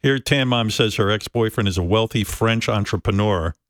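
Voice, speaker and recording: A man's voice: on the low side, moderate pace, no room sound, studio quality. A man hosting a talk radio show, wry and teasing as he sets up the segment.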